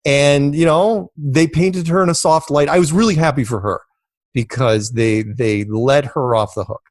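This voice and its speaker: A man's voice: a little high, normal speed, no room sound, studio quality. A man telling stories as an interview guest, rambling and repeating himself, acting out what others said. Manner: rambling, repeats words, animated quoting of others. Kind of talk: casual storytelling in an interview.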